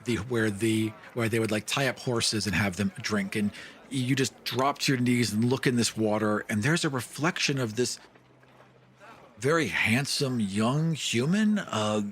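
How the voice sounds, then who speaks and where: A man narrating a tabletop game as game master, relaxed and descriptive, with frequent fillers. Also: medium pitch, a little slow.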